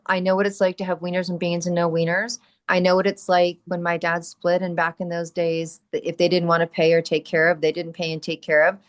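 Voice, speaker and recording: A woman's voice: lowish voice, flat delivery, brisk, hardly any pauses. A middle-aged woman guest on an interview podcast, talking candidly and emphatically, answering her own rhetorical questions.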